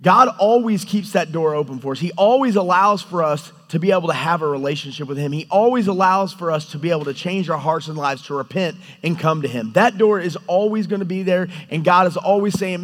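A man preaching a sermon, animated and storytelling, often acting out quoted lines. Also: high-pitched, a little fast, hardly any pauses. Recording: hall reverb.

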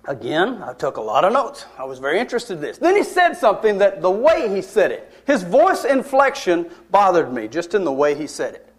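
A man with a fairly high voice delivers a storytelling sermon. He talks in a conversational way, leans hard on key words and drops wry asides to his listeners. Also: sing-song, fairly quick, few pauses. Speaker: preacher.

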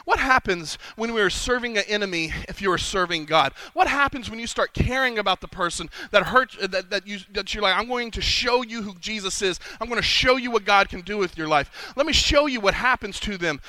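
A man preaching to a conference crowd. He drops to a hushed plea one moment and rises to loud, ringing proclamation the next. His voice sits high and sounds piercingly bright, and the recording is dry and close. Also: expressive, brisk, few pauses, dry recording, low-quality recording. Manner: dramatic, swings from hushed pleading to loud proclaiming. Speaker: conference speaker. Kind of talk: sermon. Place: conference hall.

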